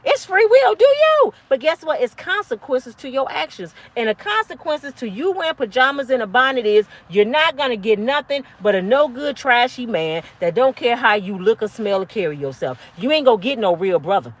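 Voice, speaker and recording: Woman, fifties, high pitch; blunt profane straight-talking vlogger lecture. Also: big pitch swings, normal speed, few pauses. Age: 50s. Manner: blunt, preachy, profane, yelling at times. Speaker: motivational vlogger. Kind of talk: impassioned monologue to camera.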